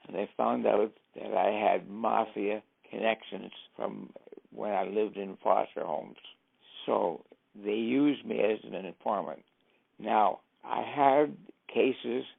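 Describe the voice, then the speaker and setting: Gravelly older man telling stories. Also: on the low side. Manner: anecdotal, acts out quoted speech. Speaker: interviewee, former driver and informant. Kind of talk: storytelling interview. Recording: tinny, phone-like sound.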